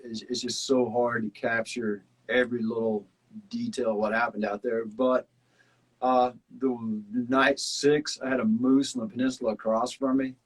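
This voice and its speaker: A man's voice: mid-range voice, moderate pace, breathy edge, low-quality recording. A man with a Southern accent, chatting casually and reflectively about his time on a survival show. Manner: relaxed, rambling, many fillers. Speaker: former survival show contestant. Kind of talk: casual chat.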